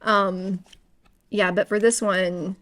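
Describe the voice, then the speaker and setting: Woman podcast co-host, mid pitch, casual and animated, talks in quick rambling bursts. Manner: chatty, animated, lots of fillers and acted-out inner voices. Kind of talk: casual book-club chat.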